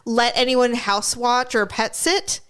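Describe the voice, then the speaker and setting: A fairly high-voiced woman co-hosting a casual podcast. She tells animated stories and jumps into a squeaky high voice to act out both sides of phone calls. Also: slow pace, smooth. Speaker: podcast co-host. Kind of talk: casual chat.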